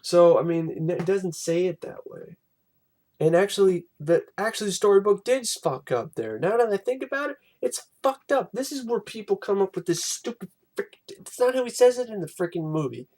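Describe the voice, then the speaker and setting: A young man giving a casual, exasperated film commentary, animated and swearing freely. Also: high-pitched, normal speed. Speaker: film reviewer.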